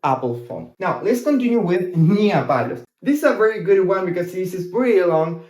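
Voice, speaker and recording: A man with an Argentine Spanish accent teaching a casual language lesson, explaining slowly and repeating phrases. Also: sits high, animated, a little mellow, reverberant.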